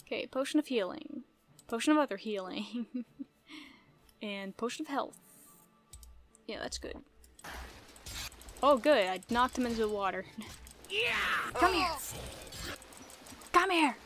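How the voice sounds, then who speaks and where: A woman giving casual gameplay commentary, playful and easily startled, laughing often and yelling at enemies. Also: a little high, expressive, unhurried, pauses often, faint music behind. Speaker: gaming video creator.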